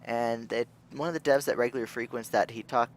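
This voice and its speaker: A man's voice: mid-range voice, steady tone, fast, slight background noise. A young man giving casual, rambling let's-play commentary as a gaming video host, thinking aloud and restarting his sentences.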